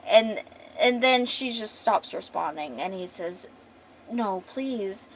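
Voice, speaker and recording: A woman streamer retelling a story in casual, animated chat. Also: medium pitch, measured pace, a little hiss or hum, low-quality recording.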